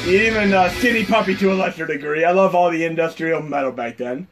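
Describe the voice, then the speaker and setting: Guy with a high voice rambling about games at his home pc, loud game music going behind him. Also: brisk. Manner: enthusiastic, rambling, frequent "uh" fillers. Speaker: retro gaming video host. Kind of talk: casual gameplay commentary. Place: home computer setup.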